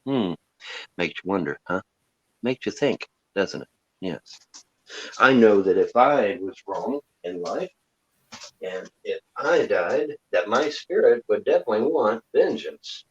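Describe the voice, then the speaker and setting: A man's voice: fairly low pitch, expressive, a little slow, husky. A man ranting to his viewers in a sarcastic, mocking tone, leaning hard on sing-song emphasis. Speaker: livestream host. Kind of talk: ranting monologue. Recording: dull lo-fi sound.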